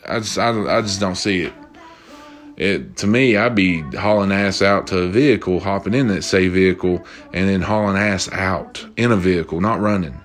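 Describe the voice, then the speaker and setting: A man's voice: deep voice, normal speed, faint music behind. A young man ranting through casual stories, profane and exasperated. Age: young adult. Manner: profane, exasperated, animated retelling. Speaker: storyteller. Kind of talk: casual storytelling rant.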